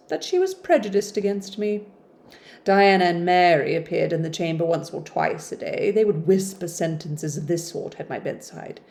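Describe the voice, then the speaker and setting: A woman's voice: lowish voice, normal speed, a little mellow. A woman reading a classic novel aloud in a casual way, breaking off for chatty, playful, self-deprecating asides.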